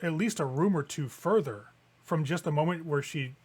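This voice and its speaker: A man's voice: fairly high pitch, normal speed, darkish tone, slightly rough. A man narrating a tabletop game as game master, descriptive and casual. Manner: descriptive, casual with fillers like "kinda".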